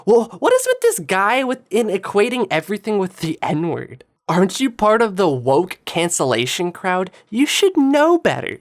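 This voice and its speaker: A woman's voice: mid-range voice, unhurried. A woman giving sarcastic, taunting commentary over video clips. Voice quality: sarcastic, taunting, lively inflection. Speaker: political commentator.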